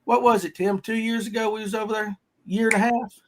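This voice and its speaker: A man's voice: high-pitched, little pitch movement, fairly quick, a little hiss or hum. A man hosting a casual fishing podcast, folksy and rambling. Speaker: podcast host.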